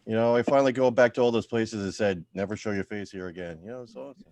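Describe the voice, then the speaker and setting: A man doing a deadpan stand-up set over a video call from home, trailing off into quiet, self-deprecating mumbles. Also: lowish voice, fast. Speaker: stand-up comedian at open mic.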